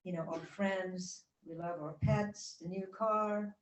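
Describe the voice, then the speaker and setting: Gentle woman speaker in an echoey hall. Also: on the low side, steady tone, slow pace, recorded from a distance. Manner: gentle, guiding, chatty with the audience. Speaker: guest speaker. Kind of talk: spiritual talk to a congregation. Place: church hall. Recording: roomy hall sound from off-mic.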